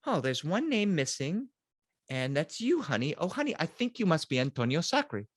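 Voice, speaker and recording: A man voicing a kindly female kindergarten teacher who gently calls a child honey. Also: fairly high pitch, sing-song, normal speed, no room sound, clean studio sound. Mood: sweet.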